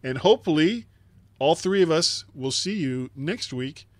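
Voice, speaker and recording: A man's voice: fairly high pitch, animated, measured pace, dry recording. A man hosting a casual tech podcast, chatty and self-deprecating, laughing often. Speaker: podcast host. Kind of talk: casual chat.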